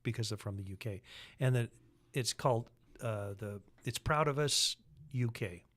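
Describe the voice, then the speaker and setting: A man's voice: mid-range voice, moderate pace, fairly bright tone. A man co-hosting a casual political podcast, explaining things in a plain, matter-of-fact way. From Utah, United States. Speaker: podcast co-host.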